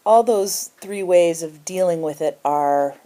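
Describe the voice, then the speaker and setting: A woman's voice: lowish voice, a little slow, dark tone. A middle-aged woman explaining emotional boundaries in a spoken self-help lesson, acting out short bits of example dialogue. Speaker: emotional health teacher.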